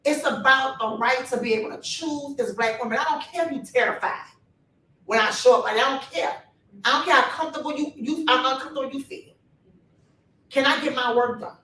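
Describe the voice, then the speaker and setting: A woman's voice: sits high, a little fast, a bit bright, slight background noise. A woman speaking on a panel with fire and a preacher-like cadence, talking straight to her audience. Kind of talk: impassioned panel talk. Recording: echoey room from a distance.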